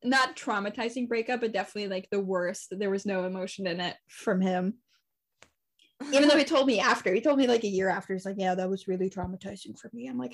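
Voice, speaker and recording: Talking fast in a mid-range voice, this young podcast co-host spins a story in casual conversation, staying animated and frequently cursing and laughing.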